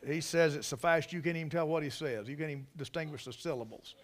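A man's voice: fairly high pitch, fast talker. A man with a Carolina Southern accent preaching a folksy sermon to a church congregation, telling stories with emphatic asides. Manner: drawling, storytelling, emphatic asides. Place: church service.

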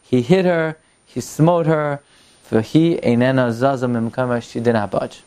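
A man's voice: moderate pace, clean tone. A man telling a Torah story in a lesson. He reads lines of Hebrew text, translates them into English and sprinkles Yiddish words into his retelling. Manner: animated, climbs in pitch and volume as the story builds. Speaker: Torah teacher.

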